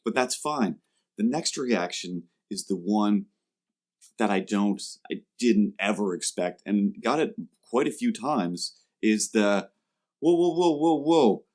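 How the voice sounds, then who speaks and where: Male podcast host, low voice, animated comic storyteller. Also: slow. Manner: animated, acts out quoted customers in jumpy voices. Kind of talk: comedic storytelling chat.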